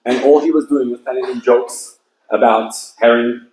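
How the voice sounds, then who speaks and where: A man's voice: mid-range voice, steady tone, moderate pace, a little mellow, roomy sound, low-quality recording. A man, a rabbi, preaching a sermon with passionate, emphatic storytelling at an evening event. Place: event hall with audience.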